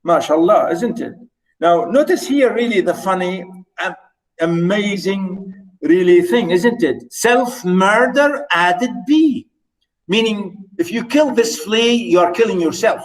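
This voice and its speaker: A man lecturing on poetry, animated, asking the class rhetorical questions and reading verse aloud slowly. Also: sits high, recorded from a distance, low-quality recording. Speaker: literature lecturer.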